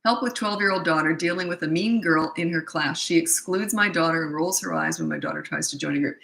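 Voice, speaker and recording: A woman's voice: low-pitched, a little fast, vocal fry, a bit bright, roomy sound, rough recording. A middle-aged woman coaching parents in a casual Q&A, blunt, emphatic and repetitive. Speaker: parenting coach answering viewer questions. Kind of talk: casual live Q&A.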